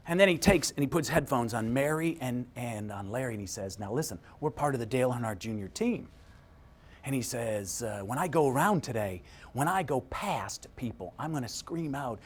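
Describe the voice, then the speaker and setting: Lively husky motivational speaker man. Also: mid-range voice, a little fast. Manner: animated, acts out quoted voices, swings from hushed to shouting. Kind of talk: energetic storytelling speech.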